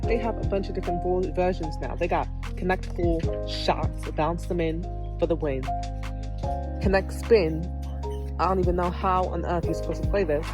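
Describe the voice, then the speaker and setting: A woman's voice: fairly low pitch, steady tone, normal speed, over music. A young woman, chatting casually to viewers in a vlog and calling them y'all. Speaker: vlogger. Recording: roomy echo.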